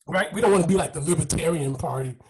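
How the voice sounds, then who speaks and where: Excitable husky-voiced man hosting a podcast. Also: on the high side, poor audio. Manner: excitable, joking, laughs often. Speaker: podcast host. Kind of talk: casual podcast chat.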